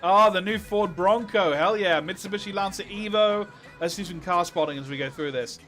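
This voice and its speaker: A man reacting excitedly on a live stream, exclaiming and reading viewer questions. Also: sits high, moderate pace, faint music behind.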